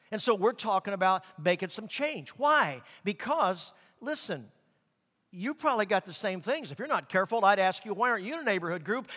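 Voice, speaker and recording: A middle-aged man preaching a sermon as pastor, animated, acting out quoted voices. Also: sits high. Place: large church sanctuary. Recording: long reverb of a large hall.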